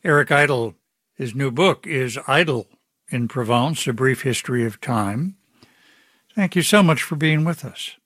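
Guy hosting an interview, mid voice, calm thoughtful questions, dry sound. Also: mid-range voice, a little slow, no echo. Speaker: interviewer host. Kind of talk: broadcast interview.

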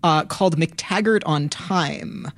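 A woman's voice: deep voice, slow pace. A woman co-hosting a public radio talk show, talking in a thoughtful, enthusiastic way.

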